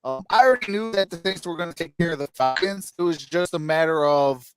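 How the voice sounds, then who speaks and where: A man's voice: a little high, expressive, a little fast, music in the background. A man hosting a casual sports podcast, rambling with lots of fillers and restarts. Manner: rambling, many fillers, laughs at own jokes. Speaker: host.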